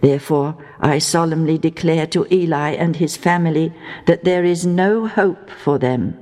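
A woman voicing God in a storybook, giving grave, measured pronouncements. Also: low-pitched, a little mellow, big-room sound, close to an everyday voice. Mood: solemn. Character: the Lord God, solemn and stern.

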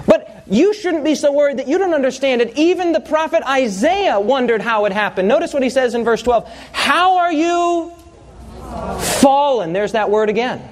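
High-voiced male preacher telling stories. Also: fairly quick, few pauses. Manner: animated storytelling, asks the congregation questions. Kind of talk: sermon with personal stories.

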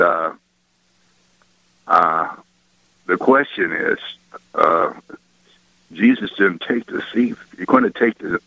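Deep-voiced guy calling in, lots of uhs, sharp tone, muffled phone line. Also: gravelly, no echo. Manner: hesitant, many fillers. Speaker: caller. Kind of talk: phone-in question. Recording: dull phone-line caller audio.

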